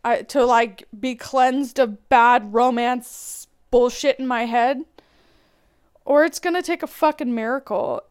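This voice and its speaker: Lady with a high clean voice, swearing a lot, blunt venting rant to her listeners. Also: slow, clean tone. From Irish heritage. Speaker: podcast host. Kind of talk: angry confessional rant.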